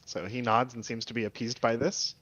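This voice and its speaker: A man narrating as game master of a tabletop game, halting with many fillers and restarts. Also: medium pitch, little pitch movement, fairly bright tone, dull audio.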